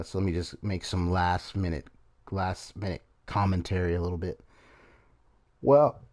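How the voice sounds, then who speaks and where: A man's voice: fairly low pitch, dark tone. A man streaming a game and giving casual commentary, rambling with many fillers and restarts.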